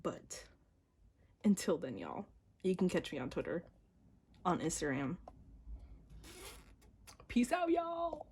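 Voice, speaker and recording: A young woman doing a casual unboxing vlog, gushing and excitable, with gasps and slang. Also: sits low, a little slow, pauses often, breathy edge. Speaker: vlogger.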